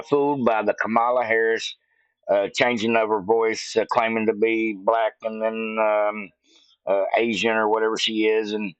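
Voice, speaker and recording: A man's voice: on the low side, no room sound. A man talks to his viewers in a loose, rambling way, full of "uh" fillers. His voice sits in a middle range, recorded close and dry through a slightly dull mic. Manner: folksy, rambling, many "uh" fillers. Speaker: political commentary channel host. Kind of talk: casual chat to viewers.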